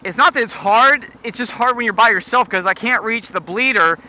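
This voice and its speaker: A man's voice: very high-pitched, brisk, bright, forceful tone, poor audio. A man vlogging while riding a motorcycle at night, rambling in a scatterbrained, joking and profane way. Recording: heavy road and engine noise.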